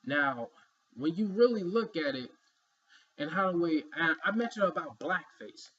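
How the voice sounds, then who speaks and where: Man, fairly high voice, husky, rambling emphatic vlog commentary, lo-fi recording. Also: animated, unhurried, bright, forceful tone. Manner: rambling, emphatic, many "you know" fillers. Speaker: vlogger. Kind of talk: opinion commentary.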